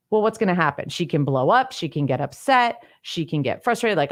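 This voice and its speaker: A middle-aged decluttering coach gives a solo teaching talk, explaining step by step with everyday examples. She is very animated and brisk with few pauses, and her pitch swings wider when she acts out quoted lines.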